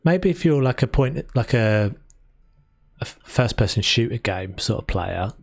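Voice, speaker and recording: A man's voice: medium pitch, animated, measured pace, no room sound. Chatty London-accented male streamer, rambling and casual, dry close sound, mid-range voice. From South London. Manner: chatty and rambling, with frequent restarts. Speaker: game streamer. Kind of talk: casual live-stream chat while building.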